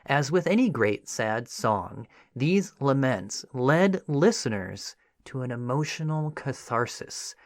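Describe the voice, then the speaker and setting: A medium-pitched man narrates a history podcast script in a dry, clean studio recording. He keeps things conversational and lively, with frequent asides that begin with "you know."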